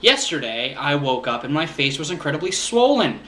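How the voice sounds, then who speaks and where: A man's voice: on the high side, big pitch swings, moderate pace, fairly bright tone, echoey room, a little hiss or hum. A young man from Florida chatting to camera as a YouTuber, earnest and rambling with fillers, his cheek swollen after a tooth was pulled. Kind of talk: casual talk to camera.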